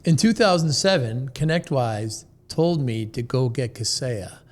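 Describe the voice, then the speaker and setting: A man's voice: medium pitch, expressive, unhurried. A man hosting a podcast interview, adding brief interjections and eager remarks. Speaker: podcast host. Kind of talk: casual interview chat.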